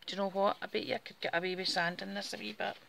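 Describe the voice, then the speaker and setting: A woman's voice: medium pitch, level tone, very fast, vocal fry, background noise. A woman with a Scottish Borders accent, chatting casually through a step-by-step craft demonstration while she works with her hands. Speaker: craft tutorial host.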